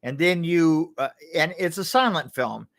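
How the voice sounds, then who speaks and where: Easygoing male co-host, lively pitch. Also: measured pace. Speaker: podcast co-host. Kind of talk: casual podcast banter.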